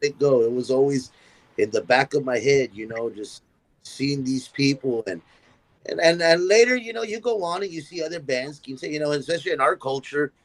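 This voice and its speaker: A man, a musician guest on a podcast, telling a story in an animated way and acting out the voices of the people in it. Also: mid-range voice, moderate pace, low-quality recording. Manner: animated, acts out quoted voices in his stories.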